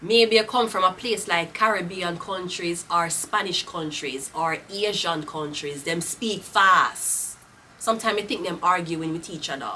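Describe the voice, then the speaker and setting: Unhurried and forceful, a woman with a lowish, bright voice gives a tarot reading in a Jamaican accent, casual, blunt and profane, lapsing into patois. The recording catches her slightly off-mic with a little hiss or hum.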